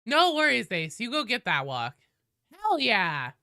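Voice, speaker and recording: A woman streaming live while sick with a cold, chatting casually and shouting loud, profane greetings to her viewers. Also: fairly high pitch, wildly swooping pitch, a little slow, no room sound, studio quality.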